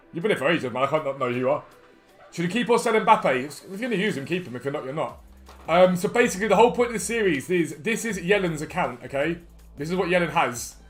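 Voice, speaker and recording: Upbeat male game streamer, rapid-fire chatty delivery, a touch higher-pitched than most men. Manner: upbeat, greets chat viewers one by one. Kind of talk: live stream chat over gameplay.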